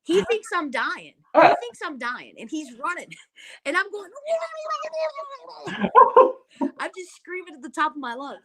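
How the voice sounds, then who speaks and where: Over a crowd in the background, a woman with a Southern Kentucky accent spins dramatic, folksy tales in a relaxed interview. She's a guest who once competed on a reality show, speaking high-pitched at a moderate pace with lively, animated delivery.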